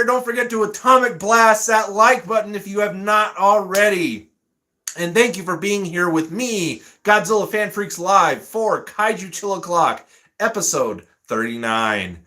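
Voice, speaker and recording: A man hosts a relaxed live stream, reading out viewer comments and breaking into frequent laughter. His voice sits high and sounds bright, and he talks at an easy, unhurried pace. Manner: laughs often, reads comments aloud. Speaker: livestream host reading chat. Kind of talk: casual live-stream chat.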